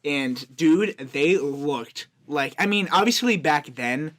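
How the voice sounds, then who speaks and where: A man's voice: fairly high pitch, expressive, slow, a bit bright. A young man co-hosting a podcast in casual chat, rambling, laughing often and swearing freely. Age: young adult. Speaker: podcast co-host. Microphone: headphones and podcast mic.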